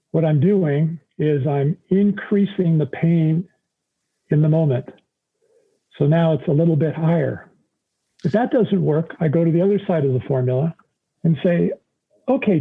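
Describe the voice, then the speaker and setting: Middle-aged coach guy, high-ish voice, sounds like it's over a phone line, acts out client talks. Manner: illustrates points with acted-out client dialogues. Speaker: executive coach, guest. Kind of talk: explaining in a podcast interview.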